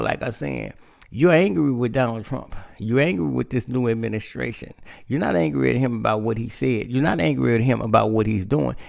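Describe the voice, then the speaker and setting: Gravelly-voiced man, casual commentary monologue that repeats itself and keeps saying "man". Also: mid-range voice. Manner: addresses listeners as "man", repeats himself. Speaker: political commentator.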